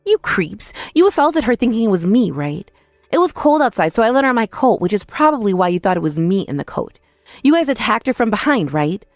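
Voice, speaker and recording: A woman's voice: medium pitch, sing-song, fairly quick, no room sound, faint music behind. A woman playing a furious, scornful ex-wife. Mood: accusing. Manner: accusing, scornful. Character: furious young ex-wife confronting her in-laws. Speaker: main character, ex-wife. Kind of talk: text-message story voice acting.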